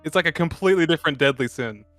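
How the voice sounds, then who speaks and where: This podcast co-host's voice is on the high side and a bit bright, recorded with no echo and faint music in the background. Over beer, he chats casually about a film, cracking quick jokes and swearing.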